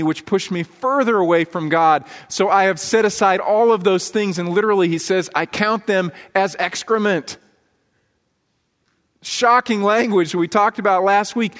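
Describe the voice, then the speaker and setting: A man's voice: sits high, a bit bright. A man preaching a sermon as pastor, earnest and conversational, telling stories to his congregation. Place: church sanctuary. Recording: long hall reverb in a church.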